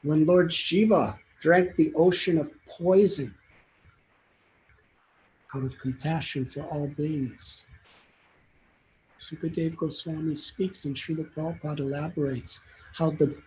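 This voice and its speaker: A man's voice: fairly high pitch, fairly even intonation, unhurried, pauses often, darkish tone, slight background noise, rough recording. A man telling a devotional story as a sermon, in an earnest and heartfelt way. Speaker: spiritual teacher giving a talk.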